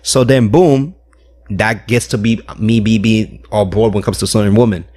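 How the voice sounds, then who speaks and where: A man's voice: on the low side, steady tone, normal speed, darkish tone. A man, a podcast guest in casual chat, rambling through a long story and quoting people in his own voice.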